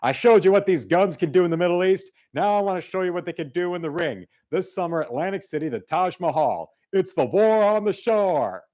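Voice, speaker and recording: A man's voice: high-pitched, lively intonation, brisk, few pauses, a little mellow, voice pushed up. A man plays a boastful boxer announcing his next fight in a raised, promotional voice. Each claim is punched out like a fight poster read aloud. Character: boastful male boxer hyping a summer fight.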